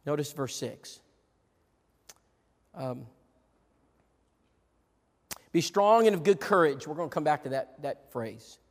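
High-voiced preaching man in a reverberant hall. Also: animated, slow, pauses often. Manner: preaching, swinging from loud proclamation to low asides. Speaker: pastor. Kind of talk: sermon. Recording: long reverb of a large hall.

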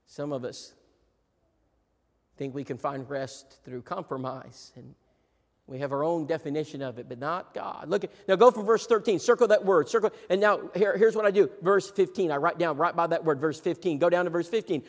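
Middle-aged male preacher with a high voice, hushed then rousing, in a reverberant hall. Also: moderate pace. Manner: emphatic, repetitive, swings between hushed and rousing. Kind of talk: sermon. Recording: long reverb in a large hall.

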